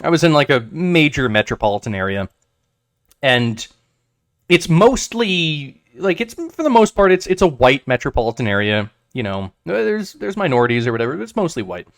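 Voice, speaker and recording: A man co-hosting a casual podcast, rambling with lots of restarts, swearing and lively retold stories. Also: on the high side, moderate pace, no room sound, clean studio sound. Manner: rambling, many restarts and swearing, animated retellings. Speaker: podcast co-host. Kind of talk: casual chat.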